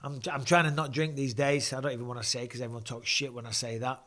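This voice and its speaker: A man's voice: mid-range voice, flat delivery, fast talker, a bit bright. A middle-aged man, chatting casually and swearing freely as he hosts a live fight watch-along. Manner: chatty, swears casually, reads out viewer comments. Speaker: host and former fighter.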